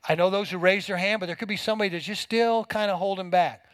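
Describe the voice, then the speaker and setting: A man's voice: high-pitched, quick pace, no echo, poor audio. A middle-aged man preaching a sermon to a congregation, folksy and emphatic, with homespun everyday examples. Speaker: pastor.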